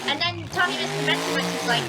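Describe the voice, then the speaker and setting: A woman YouTuber giving rambling, excitable, jokey commentary over gameplay. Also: extremely high pitch, fast talker, low-quality recording. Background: loud music.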